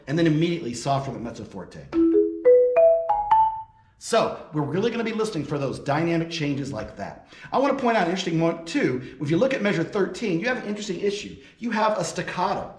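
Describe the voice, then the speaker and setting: A man giving a percussion lesson, explaining audition tips and counting rhythms aloud as he demonstrates. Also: a little high. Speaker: percussion professor. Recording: roomy with loud marimba.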